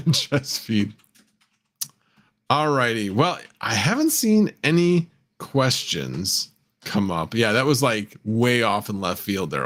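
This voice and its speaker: A man's voice: medium pitch, a bit bright. A man hosting a casual livestream, rambling and correcting himself, often chuckling and answering viewers' chat. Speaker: livestream host.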